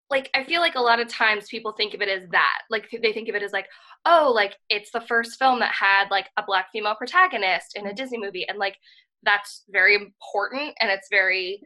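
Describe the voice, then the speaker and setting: A woman with a medium-pitched, sharp voice co-hosts a casual podcast, rambling earnestly and enthusiastically with plenty of "like" and "um." The audio quality is poor.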